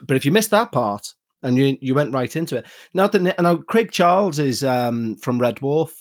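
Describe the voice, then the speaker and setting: A man's voice: medium pitch, lively intonation, normal speed. A man from the UK in his forties, a podcast guest explaining at length in a conversational way. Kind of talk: casual chat.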